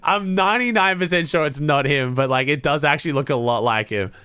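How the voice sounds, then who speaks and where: A man's voice: a little high, brisk, bright, forceful tone, clear, resonant tone, dry recording, studio quality. An Australian man streaming to his chat, thinking aloud in blunt, casual talk full of swearing. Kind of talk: casual livestream chat to viewers.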